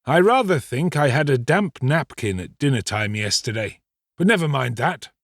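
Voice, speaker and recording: A man voicing a kindly but flustered old gentleman who covers his feelings with gruff fussing. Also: mid-range voice, animated, moderate pace, no room sound, clean studio sound, voice pushed up. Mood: fussy.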